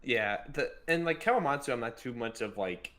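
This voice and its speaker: A man's voice: mid-range voice, animated, a little fast, fairly bright tone. A man co-hosting a podcast, laid-back and casual, often agreeing with short fillers. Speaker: podcast co-host. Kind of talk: casual chat.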